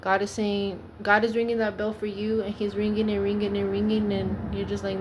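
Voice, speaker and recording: A woman speaks in an earnest, pleading sermon, repeating herself to press her point. Her pitch stays level and narrow. A steady noise sits under the recording. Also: brisk, few pauses. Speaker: preacher. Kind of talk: informal preaching monologue.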